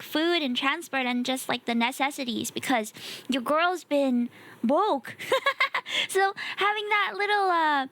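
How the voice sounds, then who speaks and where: Giggly high-voiced woman streamer. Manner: giggly and animated, talks to chat. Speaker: VTuber streamer. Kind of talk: casual livestream chat.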